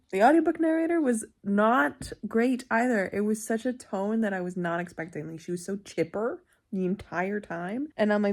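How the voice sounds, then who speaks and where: A woman talking casually at home for a weekend book vlog. She is chatty and expressive and laughs often. Her voice sits in a middle pitch. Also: fairly quick. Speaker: book vlogger.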